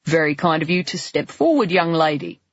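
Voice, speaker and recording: A man playing a shooting instructor who speaks in a measured, deadpan, instructing manner. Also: fairly high pitch, dry recording, lo-fi sound. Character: brisk male shooting instructor.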